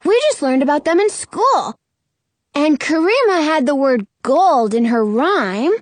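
A woman voicing an excitable young boy who explains things like a know-it-all. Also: measured pace, no room sound. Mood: excited. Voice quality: high, excited.

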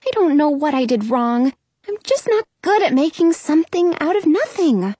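A woman's voice: high voice, very animated, normal speed, mellow, no echo, voice pushed up. A woman voicing a bubbly young female genie who sounds eager and a little apologetic.

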